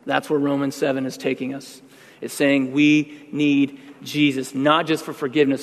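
A man's voice: medium pitch, flat delivery, normal speed. Man preaching a conversational sermon in a reverberant church. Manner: conversational preaching, building to emphatic outbursts. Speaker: pastor.

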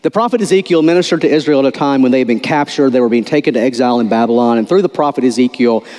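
A man's voice: medium pitch, racing, darkish tone, big-room sound. A male pastor preaching an informal, conversational sermon, often repeating words and quizzing his listeners.

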